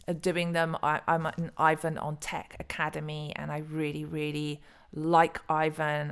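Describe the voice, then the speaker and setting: A middle-aged woman hosting a casual solo commentary video, chatty and rambling, often stumbling over names and restarting. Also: on the low side. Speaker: crypto video host.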